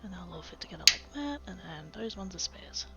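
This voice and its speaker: A woman's voice: lowish voice, lively intonation, fairly quick, vocal fry, highs cut off, loud music behind the voice. A woman chatting casually to her livestream chat while sorting craft supplies, self-mocking and rambling. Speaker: craft streamer.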